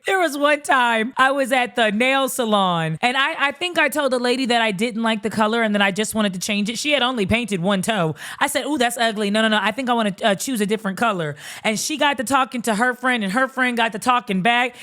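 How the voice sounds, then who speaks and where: Lively young woman retelling reality TV drama. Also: on the high side, brisk, hardly any pauses. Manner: animated storytelling, acts out people with raised voice, laughs often. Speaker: commentary host. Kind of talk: casual reality-show commentary.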